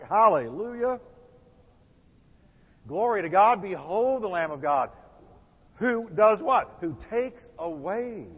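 A man's voice: high voice, breathy edge, in a large hall, highs cut off. A man preaching a sermon as pastor, building emphasis and putting questions to the congregation.

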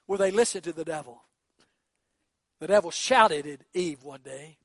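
A male pastor preaching a sermon, acting out quoted voices and swinging between hushed, quiet lines and shouted ones. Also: fairly high pitch, normal speed, gravelly, pauses often, no echo.

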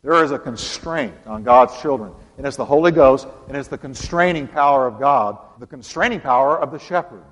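A male pastor preaching a sermon with dramatic emphasis, repeating phrases and slowing down on key words. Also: mid-range voice, fairly bright tone, in a large hall. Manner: dramatic preaching with emphatic repetition and slowed punch lines.

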